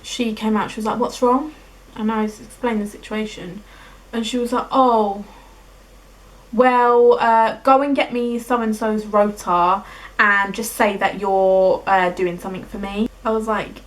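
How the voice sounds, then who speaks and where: A woman's voice: mid-range voice, a little slow, low-quality recording. Chatty young British woman vlogging. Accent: British English. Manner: chatty, animated retelling with quoted dialogue. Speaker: beauty vlogger. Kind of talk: casual storytime vlog.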